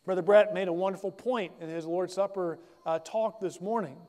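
A man preaching a sermon in a measured, emphatic way, reading scripture aloud and then explaining it. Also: sits high, darkish tone, big-room sound.

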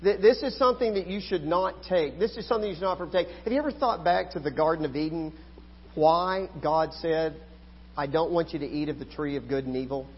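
A middle-aged man preaching a sermon, swinging between loud pleading and quiet asides. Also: a little high, brisk, breathy edge. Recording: hall reverb, dull lo-fi sound.

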